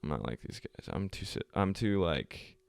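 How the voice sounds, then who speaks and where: A man's voice: deep voice, expressive, moderate pace, creaky, clean tone, no room sound. A young man hosting a podcast, telling a history story in a loose, profane, rambling way and laughing often. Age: young adult. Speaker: podcast host. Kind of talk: casual storytelling chat.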